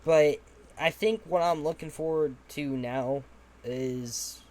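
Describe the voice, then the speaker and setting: A man's voice: fairly high pitch, takes it slowly, darkish tone. A young man hosting a casual podcast, rambling with lots of fillers and offhand swearing. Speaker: podcast host.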